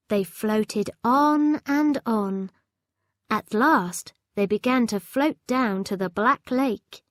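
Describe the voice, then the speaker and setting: A woman reading a children's storybook aloud in a slow, clear and expressive way. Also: a little high, no room sound, clean studio sound. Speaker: storybook reader.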